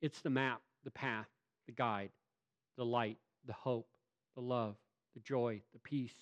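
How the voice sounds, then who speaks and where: A pastor delivering a sermon, emphatic and swinging from loud to hushed, asking rhetorical questions of the congregation. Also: male voice, mid-range voice, fairly even intonation, slow, highs cut off.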